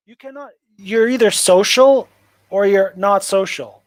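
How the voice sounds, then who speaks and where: Male streamer, sarcastic and mocking, fairly high voice, dry untreated sound. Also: a little slow, no room sound, poor audio. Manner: sarcastic, mocking, rambling with many "like" fillers. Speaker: livestream host. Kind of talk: casual livestream commentary. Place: home livestream setup.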